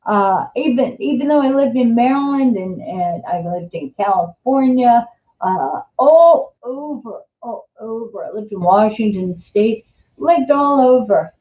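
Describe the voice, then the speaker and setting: A woman's voice: on the high side, lively intonation, measured pace. An older woman with a New Jersey accent hosting a casual live-stream chat, rambling and chatty with many restarts. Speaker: host. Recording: echoey room, dull lo-fi sound.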